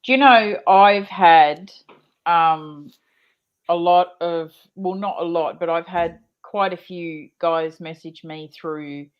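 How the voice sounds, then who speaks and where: Slow, lower-voiced woman giving advice. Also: smooth. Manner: advising, down-to-earth. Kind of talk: casual chat on a live stream. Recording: dull lo-fi stream audio.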